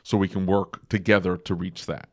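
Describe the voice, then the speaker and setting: Deep gravelly man chiming in. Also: little pitch movement, moderate pace, no room sound, clean studio sound. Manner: brief agreements and probing follow-up questions. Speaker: podcast co-host. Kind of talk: casual podcast chat.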